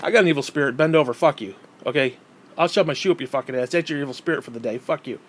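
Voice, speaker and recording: A man's voice: medium pitch, rapid-fire. A man ranting angrily on camera, hostile and swearing constantly. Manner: hostile, heavily profane. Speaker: vlogger. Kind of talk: angry personal rant.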